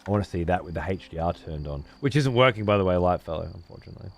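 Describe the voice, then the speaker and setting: A man's voice: sits low, lively intonation, rapid-fire, creaky. A man giving casual gameplay commentary as a streamer, profane and sarcastic.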